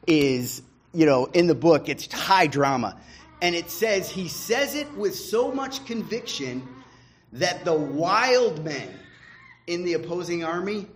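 A man preaching a sermon as pastor, talking conversationally with fillers and restarts, then building to fervent emphasis. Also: on the high side.

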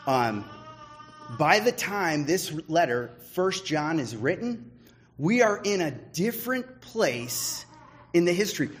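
A man preaching a sermon as pastor, talking conversationally with fillers and restarts, then building to fervent emphasis. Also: on the high side.

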